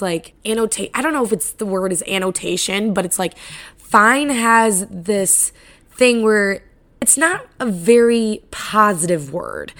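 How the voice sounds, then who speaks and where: A raspy woman of twenty hosting her own podcast in a rambling, profane, casual way. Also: medium pitch, bright, forceful tone. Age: 20s. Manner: rambling, loose and profane, lots of "like". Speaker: podcast host. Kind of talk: casual solo podcast chat.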